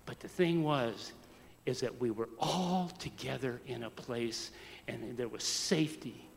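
A man from the United States preaching a storytelling sermon, swinging from soft to loud. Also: medium pitch, unhurried, gravelly, big-room sound, slight background noise. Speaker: pastor.

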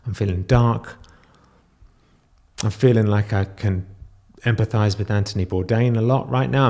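Halting, tearful man with a lowish voice. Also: a little mellow. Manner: halting and raw, with frequent restarts and trailing off. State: close to tears. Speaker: vlogger. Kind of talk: confessional video diary.

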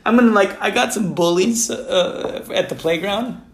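A man with a fairly high voice talks as a podcast co-host. He sounds laid-back and laughs easily. The recording has a roomy echo. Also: moderate pace. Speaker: podcast co-host, teacher assistant. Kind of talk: casual chat.

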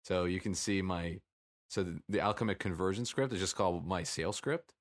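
A man with a very deep voice talks through his business numbers in a casual, reflective chat. His sentences often stop and restart, and he comes through a video call. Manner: reflective, halting, with frequent restarts. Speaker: business owner and podcast co-host.

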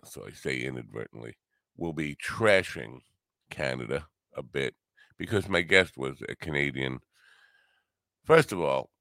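Tired New podcast host, bottom-of-the-range voice with gravel, dry close mic, loose sarcastic riffing. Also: male voice, very deep voice, sharp tone, no room sound. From New York. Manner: rambling, wisecracking, sarcastic. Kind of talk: casual solo podcast monologue.

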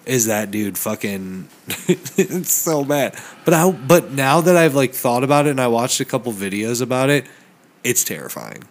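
A young man co-hosting a podcast, chatting casually and excitedly, swearing a lot. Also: mid-range voice, moderate pace. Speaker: podcast co-host. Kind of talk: casual chat.

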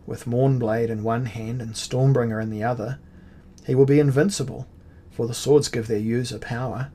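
A man's voice: medium pitch, steady tone, normal speed, mellow, close to an everyday voice. A man reading aloud and voicing a scheming, cryptic male chaos god in a fantasy story. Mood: commanding.

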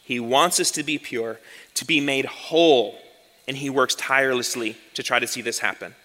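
A male pastor giving an earnest sermon, slowing down and repeating key lines for emphasis. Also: medium pitch, bright, forceful tone, in a large hall.

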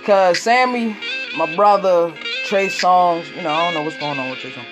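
A woman giving blunt, profane, rambling commentary as she reacts to music, swinging from loud rants to low mumbles. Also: normal speed.

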